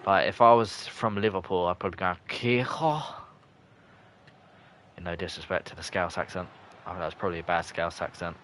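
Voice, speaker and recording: A young man, streaming live, commenting on the match and chatting with viewers, breaking into shouts at close chances. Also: low-pitched, fairly even intonation, quick pace, some chatter behind. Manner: chatty, bursts into shouts at near misses. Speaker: gaming streamer. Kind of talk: live gameplay commentary and chat reading.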